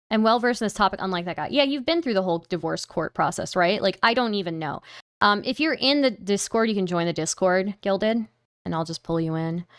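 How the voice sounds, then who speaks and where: A woman livestreamer talks loosely to her chat, rambling and swearing now and then. Her voice is smooth and clear, recorded close with no room sound. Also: medium pitch, a bit bright, dry recording. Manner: rambling, swears, laughs often, reads donations aloud. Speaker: streamer.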